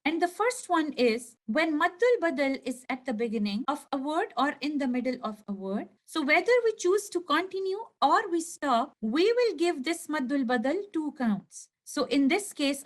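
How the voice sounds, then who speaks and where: A woman teaching a recorded lesson over slides, explaining slowly and clearly and stretching out each example word. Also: sits high, sing-song. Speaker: tajweed teacher.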